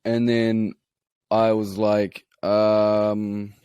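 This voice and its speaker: Man, New Zealand accent, podcast co-host, profane storytelling, lowish voice, dry sound. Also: completely flat delivery, extremely slow, dark tone, clean tone, no echo, muffled recording. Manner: rambling, profane, self-mocking. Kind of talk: casual storytelling.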